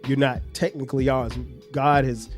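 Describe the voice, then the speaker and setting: Over soft background music, a middle-aged podcast host talks at a moderate pace in a steady, mid-range voice. Earnest and fatherly, he reflects on bringing up his children, acting out little scenes as he goes and frequently starting his thoughts over.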